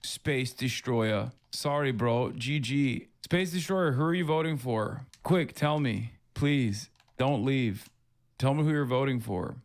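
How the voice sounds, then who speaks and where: A man hosting a casual livestream, reading viewer comments aloud in a mocking tone and laughing often between quick asides. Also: medium pitch. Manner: reads chat messages in a mocking tone, laughs often, fast asides. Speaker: livestream host.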